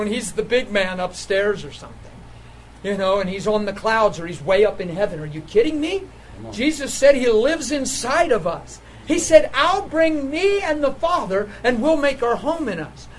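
A man preaching a sermon, telling a healing story with laughter and sudden excited jumps in his voice. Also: slight background noise, low-quality recording. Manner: animated storytelling, laughing, voice jumping high when excited.

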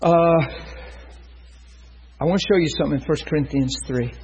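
A man's voice: fairly high pitch, lo-fi sound, slight background noise. A man preaching a storytelling sermon, acting out the dialogue with laughter.

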